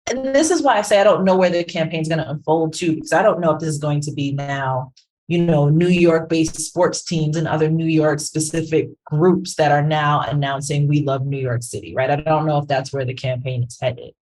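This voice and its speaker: A woman co-hosting a podcast, giving animated, conversational commentary and often checking in with "right?". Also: low-pitched, moderate pace, poor audio. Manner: animated, keeps asking "right?". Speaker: podcast co-host, branding professional.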